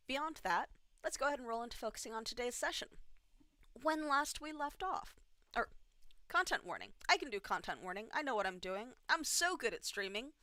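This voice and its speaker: A woman's voice: medium pitch, pushed and bright, dry recording. A tired woman running a tabletop game livestream on a home mic, rambling and self-deprecating with many fillers. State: tired from little sleep. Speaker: game master. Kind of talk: livestream announcements and recap.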